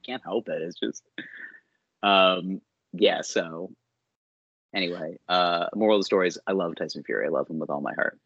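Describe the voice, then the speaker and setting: Husky low-voiced man chatting on a podcast. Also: normal speed, long pauses, fairly bright tone, no room sound, muffled recording. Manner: laughs often, does playful impressions. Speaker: podcast co-host. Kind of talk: casual podcast chat.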